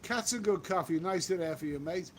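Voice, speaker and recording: A chatty man talks on a live stream, reading out comments and circling back over his points. His voice sits high for a man. Faint outdoor noise runs behind him. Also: fairly quick. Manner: chatty, repeats himself, reads comments aloud. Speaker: travel vlogger reading live chat. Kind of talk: casual live-stream chat. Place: outdoors on a walk.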